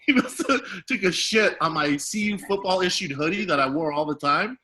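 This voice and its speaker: A man in his late thirties, co-hosting a podcast and telling embarrassing stories in a casual, profane, animated way, laughing as he goes. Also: high-pitched, normal speed, noisy background. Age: 30s. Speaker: podcast co-host. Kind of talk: casual storytelling chat.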